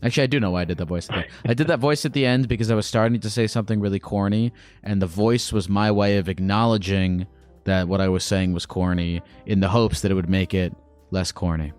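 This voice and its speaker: A man's voice: lowish voice, steady tone, fast talker, darkish tone, soft background music. A man hosting a call-in advice show, talking casually with a caller in a rambling, self-aware way.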